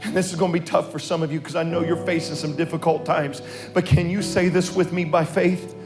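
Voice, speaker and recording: A man pastor preaching a sermon, moving between quiet, personal storytelling and loud, sing-song calls to the congregation in a church sanctuary. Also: fairly high pitch, level tone, a little fast, music in the background.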